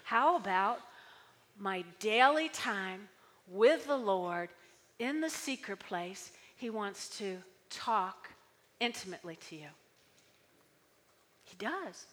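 A woman pastor preaching a sermon, animated and full of call-and-response, often checking in with "okay?". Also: mid-range voice, slow pace, pauses often, big-room sound. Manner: animated, repeating key words, frequent "okay?".

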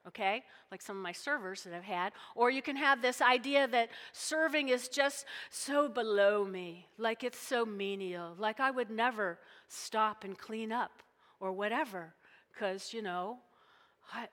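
A woman's voice: a little high, sharp tone. Chatty woman preaching in a reverberant hall. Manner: chatty and joking, acting out little scenes. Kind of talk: sermon. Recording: long reverb of a large hall.

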